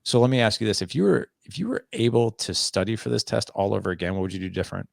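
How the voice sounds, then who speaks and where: A man with a lowish, gravelly voice, speaking as a podcast guest about parenting. He tells stories with energy, slipping into quick acted-out dialogue with his teenage son. The sound is dry and close, with no room echo. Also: expressive. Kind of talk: conversational interview storytelling.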